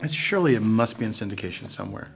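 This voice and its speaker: Host, man with dry playful humor, pitch swinging widely. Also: lively intonation, racing, creaky, faint music behind. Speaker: interview host. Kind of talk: casual chat.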